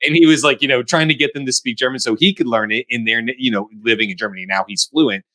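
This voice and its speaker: A middle-aged American man co-hosting a casual panel discussion, animated and acting out quoted voices. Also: mid-range voice, fast. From United States. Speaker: co-host.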